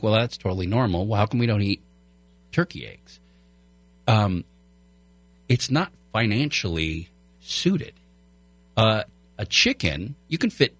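A man's voice: deep voice, a bit bright, breathy edge, no echo. Rambling man, dry studio voice. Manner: rambling, lots of fillers and restarts. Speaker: food show host, radio guest. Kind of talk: casual radio chat. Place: radio studio. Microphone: studio microphone.

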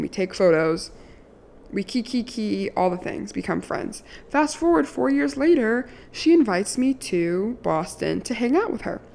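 A woman's voice: mid-range voice, gravelly, darkish tone, slight background noise. A woman in her early twenties from Maryland, telling a candid, sassy storytime with casual profanity and a lot of "like". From Maryland, USA. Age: 20s.

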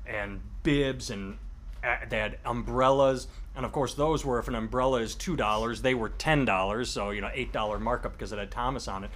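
A man's voice: medium pitch, a bit bright. A man with a Midwestern US accent co-hosting a podcast in casual banter, rambling with lots of fillers and laughing easily. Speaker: podcast co-host.

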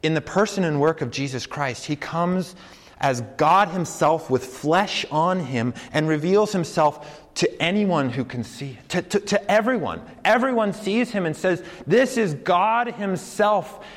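A man preaching a sermon in a conversational, earnest way, slowing down to stress key points. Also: on the high side, lively intonation. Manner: conversational, earnest, slows down for emphasis. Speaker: campus preacher. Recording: long hall reverb.

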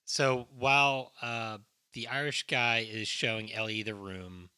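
A man's voice: medium pitch, little pitch movement, unhurried, bright, forceful tone, clean tone, no echo. A man co-hosting a podcast, recapping a film's plot casually and swearing freely. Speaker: podcast co-host. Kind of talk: casual film discussion.

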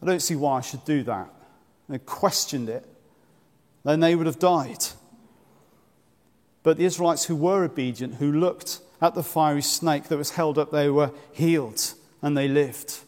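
A man preaching a sermon in earnest, measured tones, asking the congregation direct questions. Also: on the high side, darkish tone. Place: church. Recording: long church reverb.

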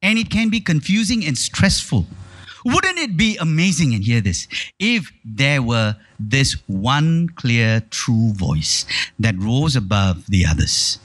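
A man's voice: mid-range voice, sing-song, takes it slowly, a bit bright, slightly rough, no room sound. A male pastor preaching a sermon with emphatic, rising stress on lists and appeals, often repeating words and restarting phrases.

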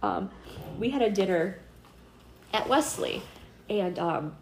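A woman's voice: medium pitch, lively intonation, slow, vocal fry, reverberant, a little hiss or hum. A middle-aged woman telling a personal faith story in casual conversation. She is earnest and chatty, with many fillers, and acts out the voices she quotes. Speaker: interviewee.

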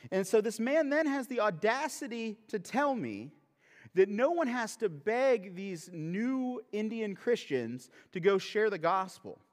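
A man's voice: high voice, animated, unhurried. A male pastor preaching a sermon in a humorous, conversational way that turns earnest. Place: church sanctuary. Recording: long reverb of a large hall.

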